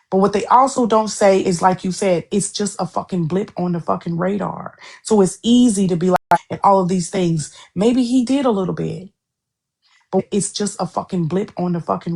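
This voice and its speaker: A woman's voice: medium pitch, creaky, a little mellow. A woman co-hosting a podcast, talking in a heated, profane, repetitive way in casual chat. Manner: heated, profane, repeats herself.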